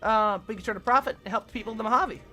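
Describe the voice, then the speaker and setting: A woman chatting through a game stream in a crude, joking way, often sighing. Her voice sits a little high, with faint music in the background. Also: racing, bright, forceful tone. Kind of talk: casual gaming commentary.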